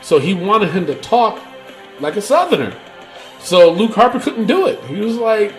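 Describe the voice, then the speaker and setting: High-pitched dude ranting on a podcast, voice jumping all over, cussing a lot. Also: male voice, normal speed, faint music behind. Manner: ranting, profane, animated, frequent fillers. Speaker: podcast co-host. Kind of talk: casual wrestling podcast chat.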